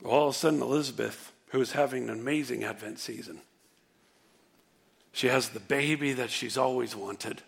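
A man preaching a sermon, animated, rising to emphatic near-shouts and dropping low and soft for contrast. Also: moderate pace, creaky. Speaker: pastor.

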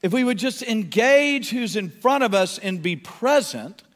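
A man preaching and telling a story, his voice sitting high and carrying a long reverb from a large hall. He acts out the people he quotes. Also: animated, measured pace. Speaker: pastor. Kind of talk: sermon storytelling.

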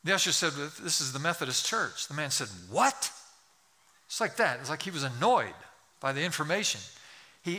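A pastor's sharp, high-leaning male voice fills a church sanctuary as he preaches. Telling a story to his congregation, he works up to fervent pleas.

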